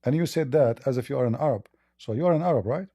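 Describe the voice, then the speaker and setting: A man hosting a live call-in debate, speaking haltingly with repeated words and blunt, probing questions. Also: medium pitch, warm tone, no echo, clean studio sound. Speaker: debate host.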